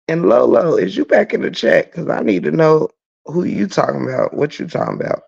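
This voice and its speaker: A man rants bluntly on his livestream, swearing freely and answering his chat. His voice is gravelly, and his pitch swings widely. The audio sounds dull and lo-fi. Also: animated, a little fast. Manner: blunt and profane, shouts in laughter. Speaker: livestream host reading chat. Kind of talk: casual livestream rant.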